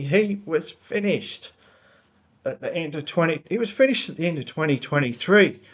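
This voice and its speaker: Heated man ranting into his laptop. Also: high voice. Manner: heated, rambling, repeats words and restarts, grows more worked up. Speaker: motorsport fan vlogger. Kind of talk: unscripted opinion rant. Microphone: laptop built-in mic.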